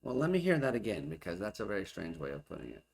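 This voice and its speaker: A man with a very low voice talks casually as he reacts to a clip. He muses aloud, questions what he hears and puzzles over points. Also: sing-song, fast talker, creaky, darkish tone. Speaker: host reacting to an archive video.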